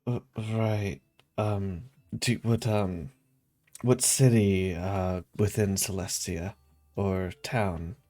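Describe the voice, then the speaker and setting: A man playing a tabletop game, asking halting questions in character. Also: on the low side, fairly even intonation, mellow. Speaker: player.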